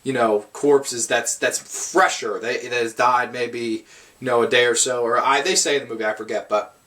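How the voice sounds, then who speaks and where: A man's voice: mid-range voice, steady tone, normal speed, pushed and bright. A man giving a casual, rambling film review, swearing often and restarting his sentences. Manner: rambling, profane, frequent restarts.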